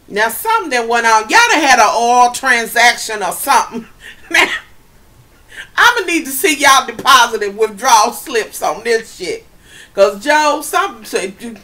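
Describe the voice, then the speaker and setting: Woman vlogger, sharp bright voice, profane gossipy recap, chatty and direct, flares up loud. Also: fairly high pitch, normal speed. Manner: profane, gossipy, talks straight to viewers; gets loud and excited when riled. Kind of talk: casual reality TV recap.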